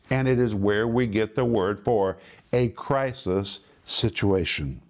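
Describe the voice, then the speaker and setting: Man, middle-aged, TV Bible teacher, emphatic, repeats phrases, slows on key words, mid-pitched voice. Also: darkish tone.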